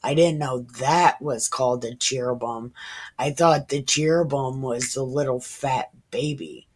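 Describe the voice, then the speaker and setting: A woman's voice: a bass voice, a little slow, husky. A woman in her thirties reading the Bible aloud and musing over it in a casual, irreverent way. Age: 30s. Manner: musing, irreverent, slips into whispers. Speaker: Bible reader.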